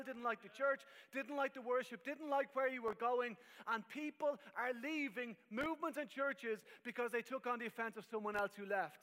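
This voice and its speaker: A man's voice: very high voice, bright, forceful tone. A man preaching a sermon as pastor, emphatic with wry asides, in a church hall. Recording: long reverb of a hall.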